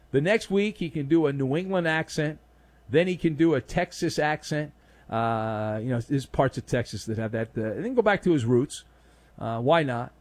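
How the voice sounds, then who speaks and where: A man delivers opinionated sports commentary with a sarcastic edge. His voice sits high and swings widely in pitch as he acts out mocking little skits. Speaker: sports talk show host.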